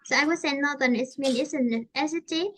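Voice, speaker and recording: A woman's voice: sits high, fairly quick, fairly bright tone, rough recording. A woman English teacher with a southern Vietnamese accent, chatting and explaining at length in a conversational lesson, with many fillers and restarts.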